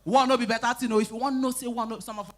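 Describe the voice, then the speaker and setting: A woman with a Nigerian Pidgin accent doing live stand-up comedy, telling animated stories, shouting out acted lines and teasing the crowd. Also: a little high, rapid-fire. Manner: animated storytelling, bursts into shouting and acted quotes, teases the crowd. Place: live event stage.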